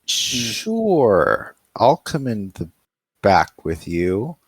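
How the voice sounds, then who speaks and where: A man's voice: lowish voice, huge pitch swings, extremely slow, slightly rough, no room sound. Easygoing man at a game table. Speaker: player. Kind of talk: casual tabletop play.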